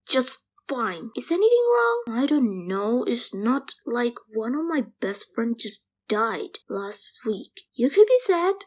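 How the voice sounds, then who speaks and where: A woman's voice: sits high, heavily acted. A woman voicing an angry, grieving teenage boy who is chasing his father's killer. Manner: sulky, bitter, then yelling. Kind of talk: fan machinima voice acting.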